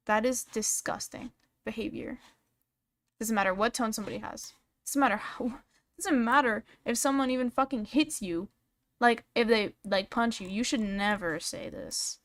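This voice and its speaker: A woman's voice: mid-range voice, fairly even intonation, unhurried. A woman commenting casually on a stream, reading messages aloud and reacting bluntly, with frequent swearing.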